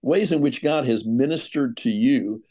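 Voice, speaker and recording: An older man speaks as a podcast guest over a remote call. His voice is mellow and dark. He talks earnestly and in an exhorting way, at a middle pitch. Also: measured pace. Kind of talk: earnest ministry talk.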